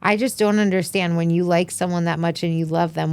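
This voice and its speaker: A woman's voice: lowish voice, fairly even intonation, fairly quick, a little mellow, clear, resonant tone, no echo. A young woman co-hosting a podcast, recapping reality TV in casual chat and acting out quotes in many voices. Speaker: podcast co-host.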